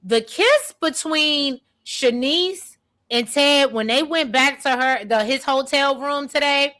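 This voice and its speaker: 高めの明るい声の女性ホスト. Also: female voice, high voice, slow pace, bright, forceful tone. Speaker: podcast host. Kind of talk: casual chat.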